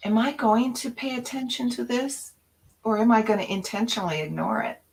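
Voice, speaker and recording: A woman co-hosting a spiritual talk show, speaking in an inspirational, animated storytelling way. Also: a little high, a little fast, creaky, rough recording. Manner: animated storyteller acting out her own past voices.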